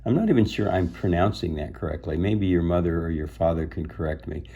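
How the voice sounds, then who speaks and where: A man's voice: deep voice, a little fast, dark tone, breathy edge, muffled recording. A man reading a children's book aloud, stopping to chat and explain things to young listeners. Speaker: storybook reader.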